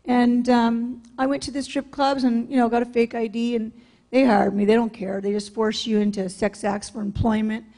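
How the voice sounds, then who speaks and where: A woman's voice: a little high, level tone, moderate pace, mellow. A woman from California giving a public talk in a blunt, candid storytelling manner. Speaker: speaker sharing her testimony. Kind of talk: public talk, personal testimony.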